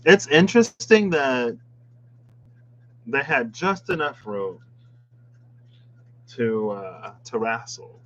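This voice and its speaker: A man's voice: medium pitch, sing-song, slow, long pauses, a bit bright, poor audio. A man reading tarot cards in a casual chat, musing aloud with playful asides. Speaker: tarot reader. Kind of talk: casual tarot deck walkthrough.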